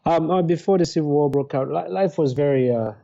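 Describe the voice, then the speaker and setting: Man, podcast guest: low, gravelly, measured, over muffled remote audio. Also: dark tone. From Sierra Leone. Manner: thoughtful, hesitant with many fillers. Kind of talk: interview storytelling. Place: remote call from abroad.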